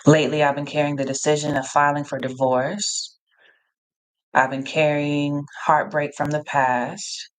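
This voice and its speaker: A woman hosting a live-streamed Q&A, reading out chat replies in an energetic, encouraging way and often repeating herself. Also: extremely low pitch. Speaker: live Q&A host, coach.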